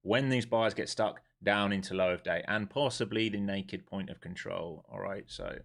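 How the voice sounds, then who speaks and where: A man's voice: on the low side, moderate pace, creaky, fairly bright tone. A man live-streaming his day trading who talks bluntly, swears freely and fires questions at his viewers before answering them himself. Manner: wound up and emphatic.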